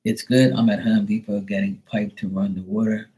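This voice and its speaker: A man hosting a casual live stream, cursing freely and joking with viewers, then softly soothing his dog. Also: on the low side, flat delivery, normal speed, husky, poor audio. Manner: loose, profane, teasing banter with viewers. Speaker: live stream host reading chat.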